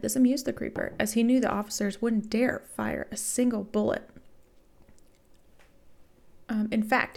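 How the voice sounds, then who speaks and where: Host reading fan fiction, woman, wry sarcastic asides, gravelly voice. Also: medium pitch, darkish tone. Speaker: podcast host.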